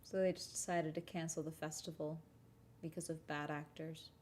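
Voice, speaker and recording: Young woman, casual livestream chat, blunt and swearing, lowish voice. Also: level tone, moderate pace, darkish tone, slight background noise. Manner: blunt, swears freely, laughs often. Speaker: streamer. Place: home.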